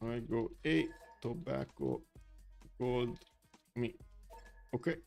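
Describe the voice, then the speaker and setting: A man's voice: mid-range voice, big pitch swings, slow pace, gravelly, a little mellow, faint music behind. A man giving live commentary on a strategy game tournament, chatty and thinking aloud with many fillers. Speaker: esports caster.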